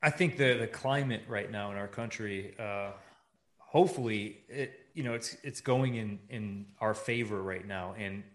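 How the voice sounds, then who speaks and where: A man co-hosting a casual interview show, speaking in a relaxed, halting way with emphatic points. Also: fairly low pitch, reverberant. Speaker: podcast co-host and editor.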